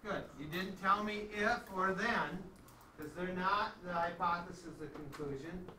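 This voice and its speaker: A high-pitched man teaches a math class at a measured pace, his tone bright and forceful. He lectures conversationally and checks in with students often, heard from afar in an echoey room with slight background noise.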